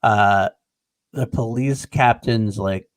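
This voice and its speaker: A man's voice: on the low side, takes it slowly. A man co-hosting a casual movie podcast, laughing often and swearing freely as he talks through favorite scenes. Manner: laughs often, quotes movie lines in put-on voices. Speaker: podcast co-host.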